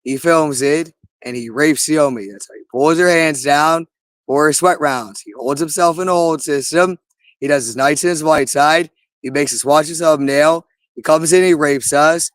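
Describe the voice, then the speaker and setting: A man speaks in an agitated, rambling monologue, full of profanity and repeated phrases. His voice sits a little high for a man. The sound is dry and close, with no room echo. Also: moderate pace.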